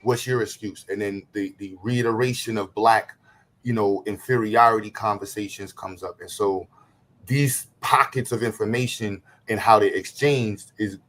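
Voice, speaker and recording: A man's voice: on the low side, steady tone, moderate pace, a bit bright. A man laying out his ideas at length in a casual streamed discussion. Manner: reflective, lays out ideas at length.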